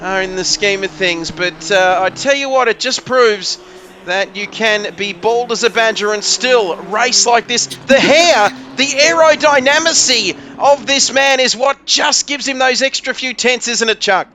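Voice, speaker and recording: A man doing excitable, joking play-by-play commentary on a sim race. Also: extremely high pitch, measured pace, a little hiss or hum.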